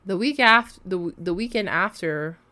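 A young woman telling a casual storytime rant about her coworkers, exasperated and animated, swearing freely and full of likes and fillers. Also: medium pitch, normal speed. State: recovering from a cold. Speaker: vlogger.

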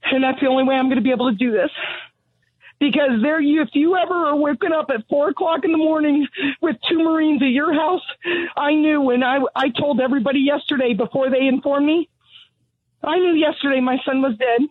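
A woman's voice: high voice, steady tone, fairly quick, dry recording. A middle-aged woman calling in to a radio show, angry and blunt, out of breath from pacing. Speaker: caller. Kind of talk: call-in radio conversation. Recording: tinny phone line.

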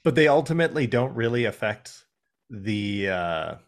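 A man's voice: mid-range voice, very animated, moderate pace, slight background noise. A man co-hosting a podcast, musing on story details with wry asides. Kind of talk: casual chat.

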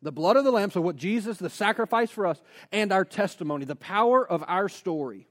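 A man preaching a sermon as a pastor, energetic, posing rhetorical questions and dropping in casual personal asides. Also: high-pitched, fairly quick.

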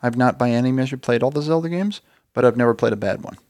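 A man's voice: mid-range voice, fast, a little mellow, no echo. A man co-hosting a casual gaming podcast, chatting in a wry, opinionated way. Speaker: podcast co-host. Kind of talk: casual chat. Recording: dry close studio mic.

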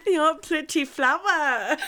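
A woman's voice: high-pitched, moderate pace, pushed and bright, a little hiss or hum, voice pushed up. A woman voicing an upselling female nail salon worker in clipped broken English. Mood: teasing.

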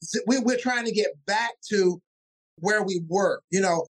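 A man's voice: high voice, unhurried. A man who is a pastor, telling stories from his upbringing in a casual interview and acting out family voices as he goes. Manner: animated, acts out family voices mid-story.

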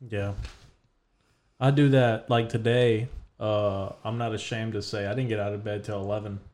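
A man's voice: fairly low pitch, fairly even intonation, normal speed, a little mellow. A man hosting a podcast, chatting casually in a loose, profane, laid-back way. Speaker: podcast host. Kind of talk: casual chat.

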